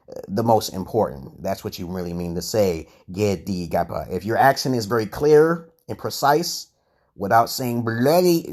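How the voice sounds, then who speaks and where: A man's voice: on the low side, a little mellow. A man from the United States hosting a casual vlog, rambling and argumentative, stumbling over words, tagging points with "okay?" and swearing freely. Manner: curses freely and restarts words often. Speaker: channel host answering chat comments.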